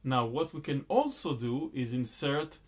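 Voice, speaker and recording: A man's voice: medium pitch, expressive, unhurried, heavy background noise. A man teaching a rhythm lesson, explaining patiently and chanting counts and rhythm syllables aloud. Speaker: music teacher.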